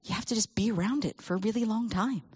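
A woman speaking to a church audience about children and faith, telling stories with lively acted quotes. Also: medium pitch, quick pace, slightly rough, no echo. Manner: animated storytelling with acted quotes.

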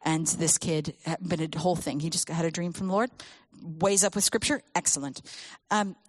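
A woman speaking to a church audience about children and faith, telling stories with lively acted quotes. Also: lowish voice, normal speed, no echo. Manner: animated storytelling with acted quotes.

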